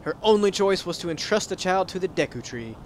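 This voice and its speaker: A man voicing a cheerful little talking tree sprout from a video game, in a bright, loud, chirpy put-on voice. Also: sits high, lively intonation, brisk, a little hiss or hum. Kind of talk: playful voice reading of game text.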